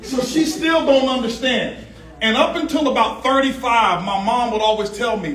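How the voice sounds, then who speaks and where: A man giving a lively motivational seminar talk, telling stories and joking with a live audience. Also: extremely high pitch, moderate pace. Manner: animated storyteller, jokes with the crowd, asks for hands. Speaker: motivational speaker on stage. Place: large event hall. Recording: echoey hall, distant mic.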